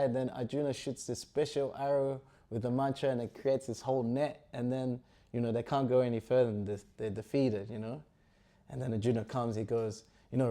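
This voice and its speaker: A man's voice: medium pitch, mellow. A man teaching a scripture class, retelling an epic story in a casual, rambling way full of fillers. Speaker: spiritual teacher.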